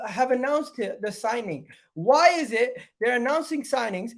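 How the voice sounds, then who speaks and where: A man on a live stream, venting his frustration to his chat. He repeats phrases again and again and swings between loud outbursts and low, muttered asides. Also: expressive, normal speed. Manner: exasperated, repeats phrases over and over. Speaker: fan channel host. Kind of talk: live-stream football fan rant.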